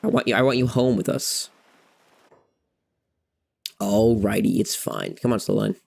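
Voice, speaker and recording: A man's voice: on the low side, wildly swooping pitch, measured pace, vocal fry, a little mellow. A man giving rambling, playful gameplay commentary at a desk mic, chatting to his cats between moments in the game. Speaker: gamer.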